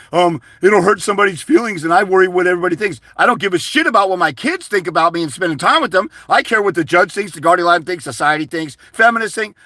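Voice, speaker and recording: A man's voice: sits high, bright, forceful tone, no echo, clean studio sound. A man hosting a livestream, ranting aggressively with profane insults while answering viewer questions. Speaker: host.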